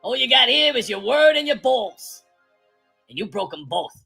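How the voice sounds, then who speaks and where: A woman voicing loud, theatrical politicians and agents in a comedy parody sketch. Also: fairly high pitch, sing-song, normal speed, vocal fry, slightly rough, soft background music, full character voice. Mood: taunting.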